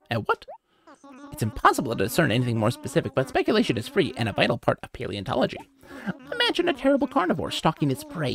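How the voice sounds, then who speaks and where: A woman's voice: rumbling low, creaky, exaggerated voice. A woman voicing a fussy, long-winded male owl who curates a museum in a video game, talking in a mannered, rambling and overly polite way.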